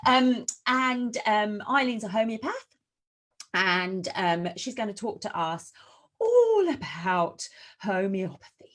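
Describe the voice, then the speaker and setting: A woman's voice: mid-range voice, big pitch swings, slow pace, fairly bright tone. A chatty, apologetic woman hosting an online summit interview over a video call from her home in New Zealand. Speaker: summit host.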